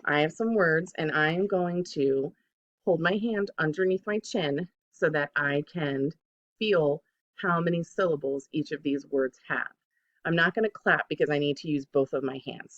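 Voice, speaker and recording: A second grade teacher giving a recorded phonics lesson to children, patient and deliberate, saying each word twice to model it. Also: mid-range voice, a bit bright, lo-fi sound.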